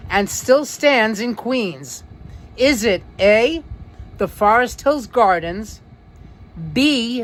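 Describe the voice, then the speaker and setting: A man's voice: very high voice, a bit bright. Chatty New York man hosting a stream. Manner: chatty, drawn-out emphasis, frequent fillers. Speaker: livestream host. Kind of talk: live-stream quiz and chat reading viewer comments.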